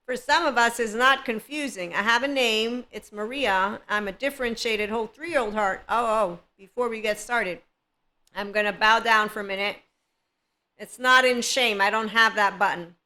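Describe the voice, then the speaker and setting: Bright, playful woman podcast host. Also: a little high, moderate pace. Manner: playful, rambling, laughs often. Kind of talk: spiritual self-help monologue.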